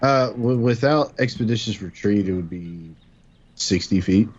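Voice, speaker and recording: A man's voice: on the low side, animated, measured pace, darkish tone, slightly rough. A man playing in a tabletop game, hesitant, with many fillers and restarts. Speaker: player. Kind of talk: casual game chat. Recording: dull lo-fi stream audio.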